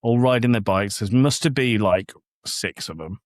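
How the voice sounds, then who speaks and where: A lowish-voiced man talks at normal speed in studio-quality sound with no echo. This English podcast host, a parent of a young child, tells stories in easygoing conversation, bringing quotes to life as he acts them out.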